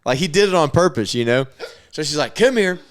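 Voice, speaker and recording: A man's voice: fairly high pitch, animated, fast, clean tone. A man co-hosting a podcast, telling a funny story in casual chat and laughing often. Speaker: podcast co-host.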